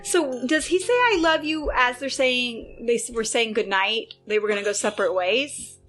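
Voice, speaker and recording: A woman co-hosting a podcast, reacting with quick agreements and bursts of exasperation. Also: fairly high pitch, fairly bright tone, soft background music. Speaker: podcast co-host. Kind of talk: casual chat.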